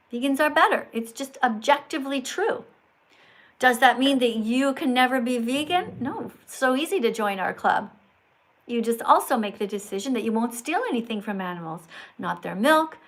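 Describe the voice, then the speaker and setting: A woman's voice: fairly high pitch, a bit bright, poor audio. An older woman hosting a livestream, talking to callers in an emphatic, scolding, teacherly manner. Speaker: livestream host.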